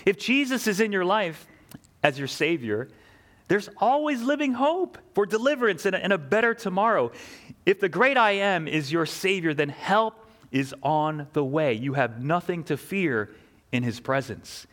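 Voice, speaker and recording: Earnest higher-voiced male preacher. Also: animated, moderate pace, a bit bright. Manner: earnest, rhetorical questions, emphatic repetition. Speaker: pastor. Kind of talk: sermon.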